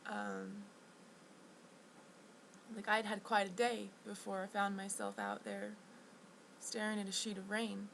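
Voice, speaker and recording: A woman telling a rambling personal story to camera. She talks in a halting, restless way, full of restarts and fillers, and sounds indignant. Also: mid-range voice, level tone, creaky, a bit bright, a little hiss or hum, rough recording. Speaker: vlogger.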